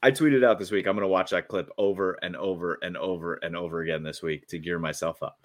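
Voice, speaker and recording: A man co-hosting a casual sports podcast, excitable and rambling, often restarting his sentences. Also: low voice, fast talker. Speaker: podcast co-host.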